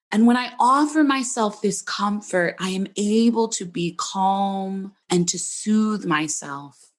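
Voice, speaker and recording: Slow, gentle woman podcast host. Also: medium pitch. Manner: gentle, earnest, encouraging. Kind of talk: reflective podcast monologue.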